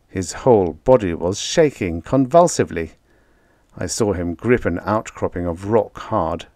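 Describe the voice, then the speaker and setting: A male audiobook narrator with a low, lively voice performs scripted first-person narration. He tells the story in an expressive, dramatic way, and the clean studio recording has no room sound.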